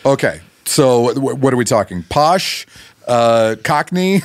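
Deadpan coach type, mid pitch, lively intonation, dry close sound. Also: male voice, slow, no room sound. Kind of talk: comedy sketch.

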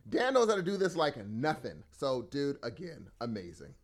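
A man's voice: fairly high pitch, wildly swooping pitch, normal speed. A young man co-hosting a podcast, teasing his partner and joking about himself in casual banter. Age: young adult. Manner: teasing, self-deprecating. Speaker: podcast co-host.

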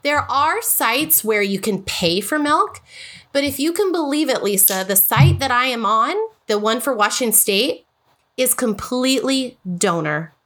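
Bright-voiced, emotional woman guest. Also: a little high, lively intonation, a little slow. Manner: emotional, earnest, full of restarts. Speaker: podcast guest. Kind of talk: casual podcast conversation.

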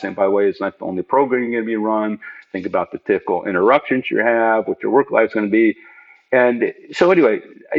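A man, a program manager, telling an interviewer about his work in an earnest, emphatic way and jumping up in pitch to stress his points. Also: gravelly. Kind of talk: conversational storytelling in an interview. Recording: dull lo-fi audio.

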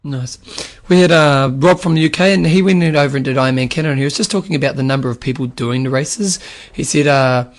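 A man co-hosting a casual podcast, relaxed and chatty with plenty of fillers as he reads out listener questions. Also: mid-range voice, quick pace, hardly any pauses.

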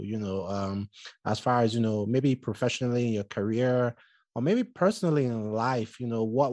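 A man's voice: mid-range voice, a little mellow, dry recording. A man from Southern Nigeria hosting a podcast, chatting casually with a guest and using lots of "you know" fillers. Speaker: podcast host. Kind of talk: casual interview chat.

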